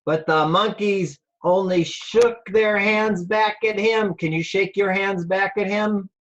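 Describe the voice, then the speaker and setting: This high-voiced male rabbi reads a picture book to kids on a video call, slow and playful, pausing to ask them questions. His intonation is fairly even and his tone fairly bright, though the highs are cut off.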